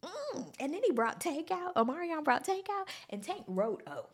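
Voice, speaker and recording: A woman giving a sassy, animated recap of a music event, with mock-incredulous asides. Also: high voice, normal speed. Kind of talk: casual recap monologue.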